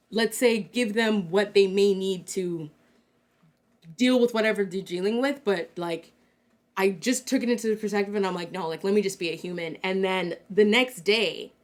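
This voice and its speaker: A young woman from Canada co-hosting a casual talk show, telling a story in a chatty way with lots of fillers and acted-out quotes. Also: medium pitch. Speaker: co-host.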